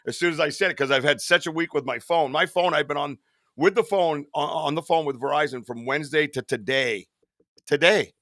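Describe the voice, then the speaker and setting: A man hosting a live podcast in casual, rambling chat. His voice is bright and forward, with loose swearing and laughter at his own stories. The mic is close and dry, with no room sound. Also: a little high, fairly quick, no room sound. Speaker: podcast host.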